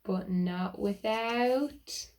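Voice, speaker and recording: A woman reading a picture book aloud to children, animated and asking them questions. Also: medium pitch, very slow. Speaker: children's storyteller.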